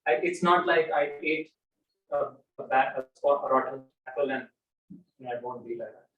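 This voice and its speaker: Animated man lecturing in an echoey room. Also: mid-range voice, moderate pace, narrow, tinny audio. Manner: animated storyteller, acts out examples. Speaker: speaker leading a spiritual talk. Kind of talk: informal lecture with audience questions. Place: room with a small audience. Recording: echoey room, mic at a distance.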